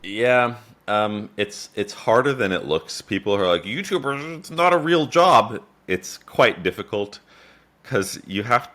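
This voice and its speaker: A man's voice: a bass voice, a bit bright. A young adult man guest in a casual conversation, filling his talk with "like" and "um". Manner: filler-heavy, says "like" a lot.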